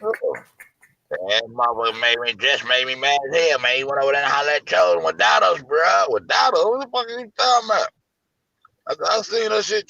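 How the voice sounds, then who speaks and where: A man hosting a show in a casual livestream rant, profane, animated and incredulous. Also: high-pitched, creaky, lo-fi sound. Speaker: show host.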